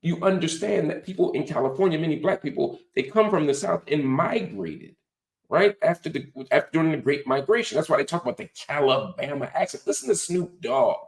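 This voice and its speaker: A man's voice: a little high, animated, brisk, reverberant. A man hosting a show, giving an emphatic, lecturing political commentary monologue full of rhetorical questions and casual profanity. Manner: frequent "right?" tag questions; profanity-laced colloquial talk. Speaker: host.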